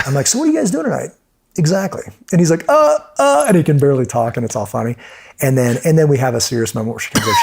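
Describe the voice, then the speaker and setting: Gravelly man telling an animated story. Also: medium pitch. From United States. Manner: animated storyteller who acts out quoted voices. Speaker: podcast guest. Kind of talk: storytelling in conversation.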